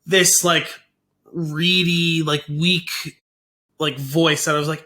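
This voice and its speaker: Bright-voiced, opinionated man in podcast chat. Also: on the high side, level tone, slow pace. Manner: frank, opinionated, hedging with many "like"s. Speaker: podcast co-host. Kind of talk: casual movie podcast chat.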